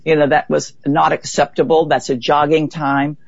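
A woman being interviewed, telling a vivid story in a lively way and acting out what others said. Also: deep voice, moderate pace, creaky, breathy edge, dry recording. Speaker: interview guest. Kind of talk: conversational storytelling. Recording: dull, dry lo-fi recording.

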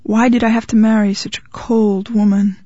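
A woman's voice: mid-range voice, level tone, moderate pace, dark tone, breathy edge, no echo, lightly acted. A desperate, heartbroken husband who pleads and pities himself, as a woman reading the story puts him on. The sound is slightly muffled and dry, with no room around it. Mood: anguished. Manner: pleading, self-pitying.

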